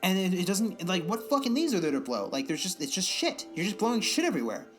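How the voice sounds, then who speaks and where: Young man, fairly high voice, profane rambling podcast chatter, faint music underneath. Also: very animated, quick pace. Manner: rambling, profane, exasperated ranting. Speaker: podcast co-host. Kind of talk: casual podcast chat.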